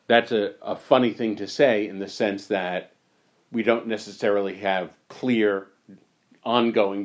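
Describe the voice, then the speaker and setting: A man leading a reflective discussion on spiritual teachings, thoughtful and unhurried, his voice going hoarse. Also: sits low. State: losing his voice. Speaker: discussion leader.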